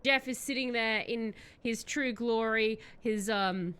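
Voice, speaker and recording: A woman's voice: on the high side, slow pace, fairly bright tone, clear, resonant tone. A woman streamer chatting casually and telling a rambling story, giggling often.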